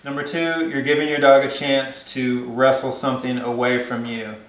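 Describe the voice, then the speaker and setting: A man talks casually about raising a puppy, circling back with lots of "you know" and "like." His voice is mid-pitched and comes through in a noticeably echoey room. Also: level tone, normal speed, fairly bright tone. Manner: rambling, many fillers and restarts. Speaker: dog trainer. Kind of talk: casual advice vlog.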